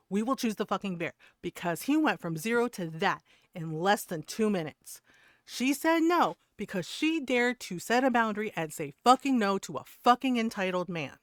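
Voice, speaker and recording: A woman's voice: mid-range voice, fairly bright tone, no echo, studio quality. A woman streamer ranting to her chat in a heated, profane way, laughing between points. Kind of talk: casual rant to stream chat.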